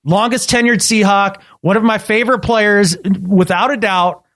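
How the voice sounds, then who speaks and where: A man co-hosting a casual sports podcast, talking emphatically and repeating himself when excited. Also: high-pitched, normal speed, dry recording. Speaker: podcast co-host.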